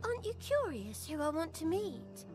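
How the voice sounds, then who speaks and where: A woman's voice: extremely high pitch, very animated, moderate pace. A woman voicing a polite, wistful young orphan girl in a video game. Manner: polite, wistful, old-fashioned phrasing. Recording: game audio under background music.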